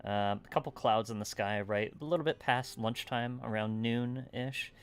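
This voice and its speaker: A man's voice: medium pitch, moderate pace, clear, resonant tone. Easygoing male game master. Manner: relaxed, filler-heavy, checks in with "right?". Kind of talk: casual narration of a tabletop game.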